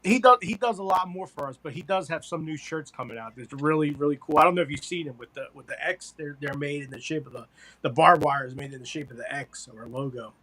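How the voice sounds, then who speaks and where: A man hosting a casual live-stream chat, easygoing and quick to laugh. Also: a little high, sharp tone, poor audio.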